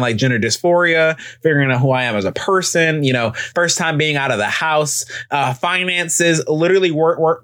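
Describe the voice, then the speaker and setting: Sassy young man, fairly high voice. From Alabama, US. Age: young adult. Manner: sassy, profane, animated storytelling with frequent asides. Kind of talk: casual solo chat.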